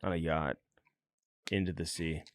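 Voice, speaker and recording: A man in his forties co-hosting a podcast, telling stories in a casual, animated and self-mocking way. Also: extremely low pitch, measured pace, dry recording, studio quality. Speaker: podcast co-host. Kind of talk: casual chat.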